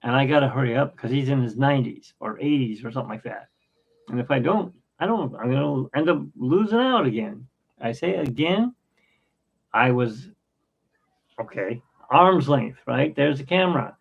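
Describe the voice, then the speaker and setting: A man in his fifties hosting a podcast, rambling through anecdotes in a casual, halting way with many fillers. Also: medium pitch, animated, creaky, breathy edge. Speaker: podcast host. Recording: dull lo-fi sound.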